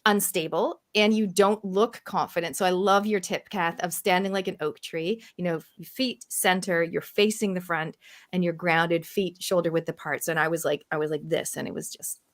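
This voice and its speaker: A woman's voice: on the low side, fairly even intonation, moderate pace. A woman hosting a video call chat, talking in a chatty way and telling stories with quoted asides. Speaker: host. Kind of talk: casual chat on a live stream.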